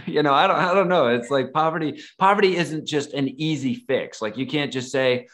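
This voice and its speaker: A man's voice: on the high side, moderate pace, few pauses, a bit bright. A man guest on a podcast, telling stories in a casual, rambling way full of fillers. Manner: rambling, filler-heavy, acts out quoted dialogue. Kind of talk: casual storytelling.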